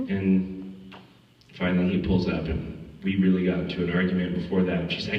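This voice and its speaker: A man telling lively anecdotes at a film Q&A, acting out voices and laughing often. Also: deep voice, moderate pace. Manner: animated storyteller, acts out quotes, laughs often. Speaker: actor answering audience questions. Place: festival screening hall. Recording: echoey hall from far off, dull audio.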